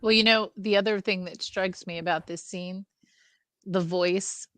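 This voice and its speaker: A woman's voice: medium pitch, steady tone, a little slow, fairly bright tone, no echo. A woman co-hosting a casual film review chat, analytical and thoughtful, often checking in with the others. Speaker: podcast co-host.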